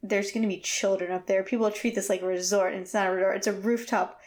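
A woman in casual conversation, rambling through a story with many fillers and animated quotes. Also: medium pitch, fast. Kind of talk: casual chat.

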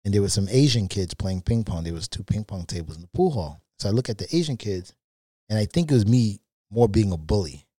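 Low, mellow-voiced man telling stories. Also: brisk, slightly rough, dry recording. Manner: candid, animated anecdotes with frequent fillers. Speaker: podcast guest. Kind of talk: casual storytelling.

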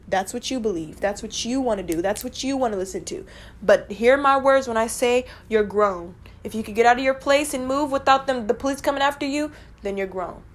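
A young woman hosting a casual personal podcast, talking bluntly and emotionally to her listeners, with frequent swearing. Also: mid-range voice. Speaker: podcast host.

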